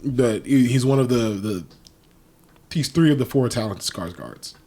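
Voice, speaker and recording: A man's voice: medium pitch, expressive, a little slow, mellow. A man co-hosting a podcast in casual chat, rambling with many restarts and now and then a swear word. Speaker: podcast co-host.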